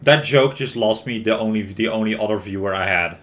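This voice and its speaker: A man's voice: fairly low pitch, brisk, fairly bright tone. A man casually commenting and joking over a video game as a streamer. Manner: chatty, joking, laughs often.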